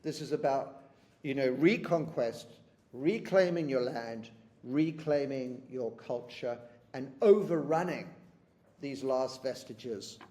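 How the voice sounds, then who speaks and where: A man teaching a poetry lesson. He talks to his students and keeps asking "isn't it?", and he reads the quoted lines slowly. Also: mid-range voice, warm tone. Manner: rhetorical tag questions.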